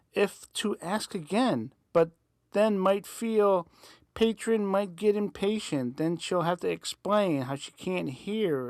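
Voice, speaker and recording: A man reading a dark story aloud in a slow, deliberate way. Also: a little high, no room sound.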